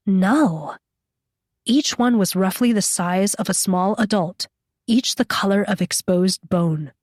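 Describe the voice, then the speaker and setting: A woman reading a horror novel aloud as an audiobook narrator, in a steady, measured style. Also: medium pitch, no room sound, studio quality. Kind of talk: scripted narration.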